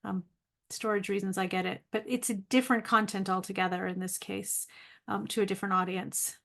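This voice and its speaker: A woman's voice: mid-range voice, flat delivery, fairly quick, vocal fry, fairly bright tone. A middle-aged woman, a native English speaker, talking casually to camera in a video diary, chatty and self-deprecating with frequent ums. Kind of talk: casual vlog monologue.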